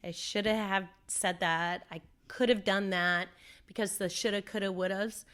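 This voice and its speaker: Woman from Southern California, interview guest, middle pitch, animated storyteller acting out quotes. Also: measured pace. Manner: animated storyteller, acts out her own quotes. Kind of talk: recounting a personal story.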